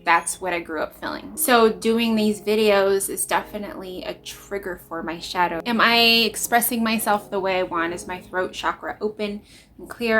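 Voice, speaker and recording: A woman's voice: mid-range voice, fairly bright tone. A woman in her thirties, a mother, speaking earnestly and reflectively in a personal spiritual vlog. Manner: earnest, reflective, emotional at times. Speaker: vlogger, parent.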